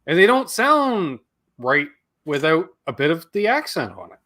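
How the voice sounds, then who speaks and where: A man's voice: fairly high pitch, big pitch swings, normal speed, bright, forceful tone. A man from Canada hosting a video-call chat, blunt and profane in his remarks. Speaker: host. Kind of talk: casual chat.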